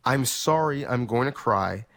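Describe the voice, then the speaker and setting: Halting male podcast co-host. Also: mid-range voice, lively intonation, vocal fry, a bit bright. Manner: halting, searching for words. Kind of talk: casual chat.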